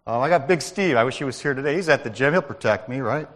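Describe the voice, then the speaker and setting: Lively-voiced man speaking in a reverberant hall. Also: mid-range voice, quick pace. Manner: conversational storytelling, addresses listeners by name. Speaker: lay speaker at church. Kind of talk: sermon-style testimony.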